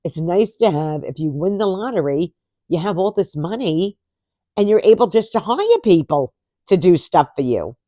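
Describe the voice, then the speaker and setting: A woman's voice: on the low side, lively intonation, moderate pace, warm tone, no room sound, clean studio sound. A woman vlogger talking casually to camera, chatty and sarcastic, laughing often.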